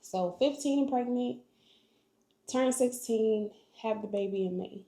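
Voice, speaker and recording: A young woman shares her life story on a vlog, earnest and full of faith. Her voice is gravelly and mellow, and her delivery is slow. She sounds like she is in a room with a lot of echo. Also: on the high side. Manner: earnest, emotional, faith-filled testimony. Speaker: vlogger. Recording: echoey room.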